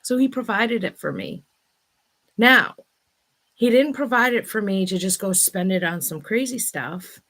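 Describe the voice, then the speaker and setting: A woman in her thirties, testing a new microphone for her casual vlog, tells a personal story in an animated, unhurried way, her medium-pitched voice fairly bright. She's chatty and breathless, frequently exclaiming "oh my God."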